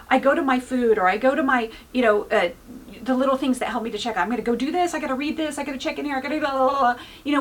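A woman pastor giving an informal, earnest sermon, full of "you know" fillers. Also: high-pitched. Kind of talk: conversational sermon.

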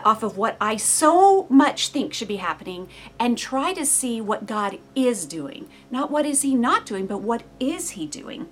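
A woman's voice: on the high side, fairly bright tone. A woman giving a devotional Bible teaching in an earnest, conversational way.

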